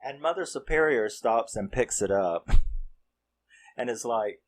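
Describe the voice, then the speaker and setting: Slow, low-voiced man recapping a movie. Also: lively intonation. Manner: rambling, profane, acts out quotes. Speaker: movie reviewer. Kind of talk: casual plot recap.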